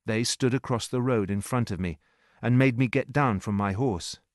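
A man narrating a story in a slow, clear reading voice. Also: medium pitch, no room sound, studio quality. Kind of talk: scripted narration.

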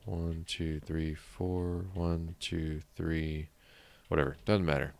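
Gaming host, male, deep with a creaky edge, rambles and mutters to himself. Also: little pitch movement, takes it slowly, a little mellow, a little hiss or hum. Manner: chatty, thinks aloud, mutters counts under his breath. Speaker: let's play host. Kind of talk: casual gameplay commentary.

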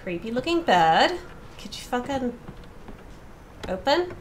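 A let's play streamer talks casually to herself through a horror game, swearing freely and screaming whenever something startles her. Her voice is a little high and sing-song, slow-paced, with slight background noise.

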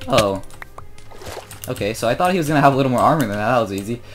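A sixteen-year-old boy chatting casually through his own gameplay, joking about himself and growing loud and excited when he fights. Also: medium pitch, quick pace, soft background music. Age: teens. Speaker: gamer commentating his own play.

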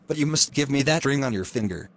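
A man's voice: mid-range voice, animated, quick pace, lightly acted. A man voicing a sly, smug little imp who teases as he bargains.

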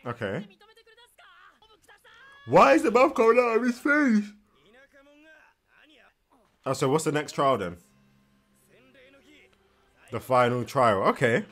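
A young man giving casual, animated reaction commentary while watching, tired and yawning, with slangy asides and frequent repeated words. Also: a little high, takes it slowly, pauses often. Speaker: anime reaction host. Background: faint anime soundtrack.

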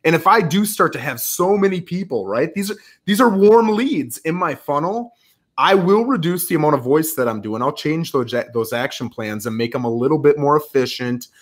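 Male guest, agent type, energetic and rambling delivery, slightly high pitch. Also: normal speed. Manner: energetic, rambling, acts out quoted calls. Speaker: real estate agent, podcast guest. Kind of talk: conversational interview.

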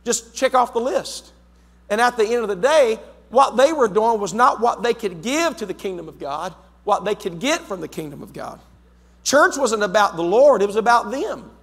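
A man preaching a sermon as pastor, emphatic, repeating his words and swinging between loud and soft. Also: high-pitched, animated, normal speed. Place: church sanctuary. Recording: long hall reverb in a church.

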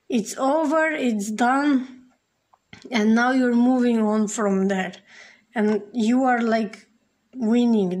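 A woman's voice: fairly high pitch, darkish tone. A woman giving a casual tarot reading, speaking straight to the viewer and filling her talk with "like" and "you know". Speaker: tarot reader.

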